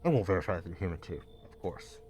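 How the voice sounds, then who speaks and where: A man voicing a calm, measured government field agent in a game. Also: sits low, faint music behind. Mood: calm, official. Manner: measured, official.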